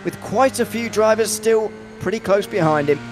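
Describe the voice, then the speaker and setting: A man commentating an online sim race, chatty and self-deprecating, with quick asides. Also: high-pitched, music in the background.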